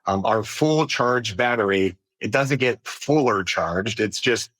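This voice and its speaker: A man being interviewed as a podcast guest, speaking in an earnest, measured way about business and mindfulness. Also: fairly low pitch, a bit bright, dry recording. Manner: earnest and measured, thinks aloud with fillers. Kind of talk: reflective conversational interview.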